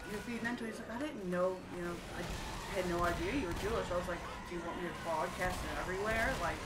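A young woman telling stories casually while playing a game, profane and laughing as she talks. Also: mid-range voice. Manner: profane, laughing, animated storyteller. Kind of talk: casual storytelling over gameplay. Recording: roomy, distant, noisy room recording.

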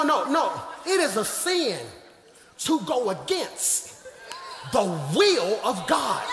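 A man preaching a live sermon as pastor in a large church sanctuary, joking with the congregation and swinging from low asides to shouted, emphatic preaching. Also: very animated, takes it slowly, some chatter behind, a little hiss or hum. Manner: playful, jokes with the congregation. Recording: echoey hall with long reverb.

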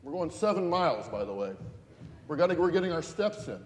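A man's voice: fairly high pitch, very animated, brisk, a little hiss or hum. A man pastor giving a playful, interactive children's sermon, asking the kids questions and getting them moving. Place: large church sanctuary. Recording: echoey church hall.

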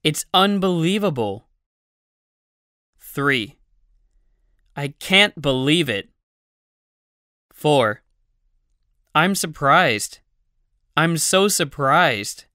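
Very slow, crisp phrase-drill reader. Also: mid-range voice, animated, pushed and bright, dry recording, clean studio sound. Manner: deliberate, evenly paced reading of numbered phrases. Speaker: language course narrator.

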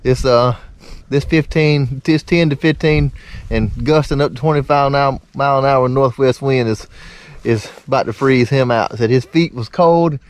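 A man, narrating his duck hunt in a folksy, excitable way, recorded outdoors in a windy marsh on a camera mic. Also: medium pitch, moderate pace, dry recording. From Alabama. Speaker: duck hunter and channel host. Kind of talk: outdoor hunting vlog narration. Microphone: handheld camera mic.

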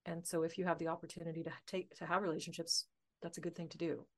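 A woman telling a personal story as a podcast guest, animated and laughing often as she talks. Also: lowish voice, fast. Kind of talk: casual conversational storytelling.

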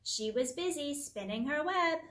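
A woman's voice: sits high, animated, measured pace, a bit bright. A woman hosting story time for young children, reading a picture book aloud in a sing-song teacher voice and making the animal sounds.

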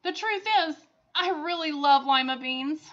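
A woman's voice: high voice, a little slow, pitched above the performer's own voice. A woman reading aloud and voicing a young girl who groans and cries out. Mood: shouting. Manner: loud, groaning and crying out. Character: young girl, scared then excited. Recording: dull lo-fi sound.

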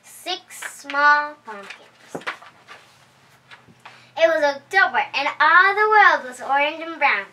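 A high, bright female voice reads a children's picture book aloud at home, its pitch rising and falling with the story. She keeps a slow, cheerful pace. The mic sits some way off. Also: lively intonation, slight background noise. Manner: cheerful, unhurried read-aloud. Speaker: storytime host. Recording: voice heard from a distance.

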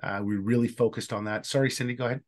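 A man's voice: mid-range voice, steady tone, fast. A man leading an online training session for facilitators, talking casually and thinking aloud with fillers.

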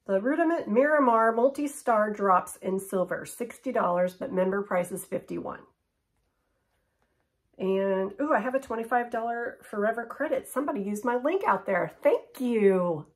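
A woman's voice: fairly high pitch, normal speed. A middle-aged woman, chatting casually and upbeat as she unboxes and tries on jewelry. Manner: chatty, upbeat, drops to a near whisper for close-ups. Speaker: shopping haul vlogger. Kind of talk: casual chat unboxing and try-on.

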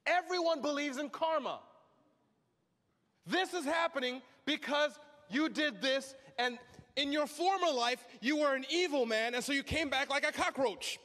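A pastor preaching a sermon, shouting with emphatic repetition. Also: male voice, very high voice, normal speed. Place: large hall. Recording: reverberant hall.

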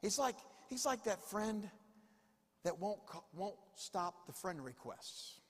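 A man's voice: high-pitched, expressive, takes it slowly, a little hiss or hum. A male pastor preaching a sermon, repeating phrases with emphasis and calling on the congregation to answer back. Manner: repetitive, emphatic preaching with call-and-response. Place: church sanctuary. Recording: long reverb of a church hall.

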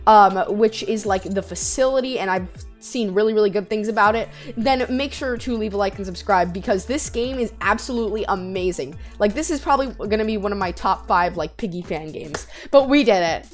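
A woman hosting a gaming channel, chatting excitedly through a let's-play with lots of filler words and quick restarts. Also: mid-range voice, faint music behind.

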